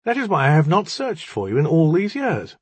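A man reading an audiobook, voicing a guarded, aloof young male magician who speaks quietly and formally. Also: a little high, huge pitch swings, a little fast, husky, dry recording, voice pushed up, full character voice.

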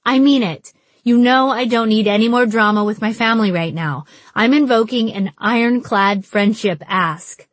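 Brief: female narrator as an insistent young woman, higher voice, dry close sound. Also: moderate pace, no room sound, lightly acted. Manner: insistent, exasperated. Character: earnest young woman, firm protective friend.

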